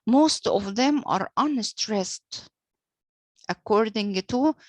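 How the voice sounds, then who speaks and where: Woman teacher, Arabic first language, very slow lecture with many pauses and fillers, dry sound. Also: medium pitch, lively intonation, no echo. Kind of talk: lecture on poetic meter.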